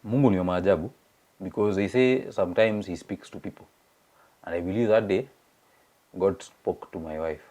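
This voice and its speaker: A man's voice: sits low, normal speed, long pauses. A young Kenyan man with a Kenyan accent, telling a personal story in a casual chat, mixing languages and acting out the people he quotes. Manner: animated, acts out quoted voices. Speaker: guest sharing his story. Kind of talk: casual storytelling in English and Swahili.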